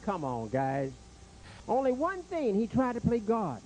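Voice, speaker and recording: A man doing a stand-up comedy set in a club, jokey and animated, stammering through restarts and bantering with the crowd and the waiter. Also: sits high, unhurried, a little hiss or hum.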